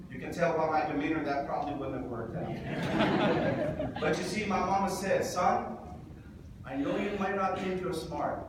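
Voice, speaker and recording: A man with a fairly high voice speaks to a crowd in a big echoing hall, heard from some distance from the mic. He jokes and calls out to the audience like a preacher, and there is steady noise in the background. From Pacific Islander. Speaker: speaker at community event. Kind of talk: public speech to an audience. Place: large indoor hall with audience.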